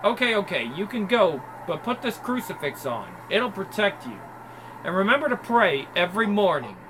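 A man's voice: sits high, big pitch swings, moderate pace, background noise. A man voicing a worried, scolding churchgoing wife. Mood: stern. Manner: scolding, fretful.

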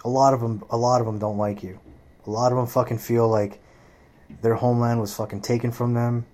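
A man's voice: mid-range voice, a little fast. A man telling a personal story in a casual, profane rant, acting out what people said. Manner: profane, animated, acts out quoted voices.

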